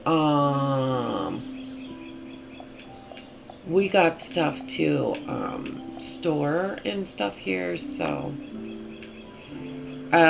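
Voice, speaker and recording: A woman with a low, gravelly voice rambles casually as she plays a game. Her voice sounds husky from just waking up, and she fills her pauses with ums and uhs. Steady background noise runs under the home recording. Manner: chatty, rambling with many fillers. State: morning voice. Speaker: gaming channel host. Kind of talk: casual gameplay commentary.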